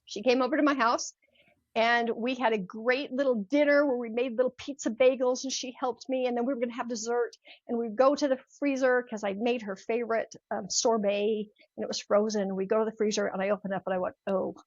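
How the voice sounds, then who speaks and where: An older woman who works as a mindset coach shares a personal story as a podcast guest, animatedly performing the voices of the people in it. She speaks briskly in a slightly high voice. The sound is lo-fi with no echo.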